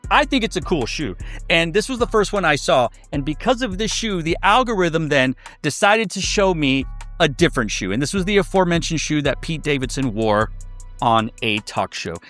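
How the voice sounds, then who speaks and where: A man's voice: on the high side, big pitch swings, normal speed, a bit bright, soft background music. A man giving a casual sneaker review, chatty and loose, with many fillers and restarts.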